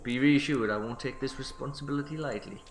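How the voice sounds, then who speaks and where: A man's voice: mid-range voice, fast, slight background noise, lightly acted. A man voicing a friendly male diner bartender who fusses over his customers. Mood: earnest. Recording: roomy sound with faint music.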